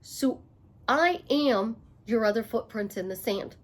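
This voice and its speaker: This motivational talk comes from a middle-aged life coach with a slightly high voice, lively intonation, and a somewhat slow pace. Emphatic and repetitive in driving home her points, she lightens things with playful asides.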